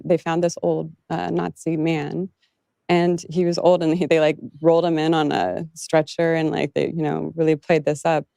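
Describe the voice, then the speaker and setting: A woman giving an interview, speaking earnestly and haltingly with small laughs. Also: low voice, gravelly, warm tone, no echo, studio quality. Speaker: interview guest. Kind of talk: candid interview talk.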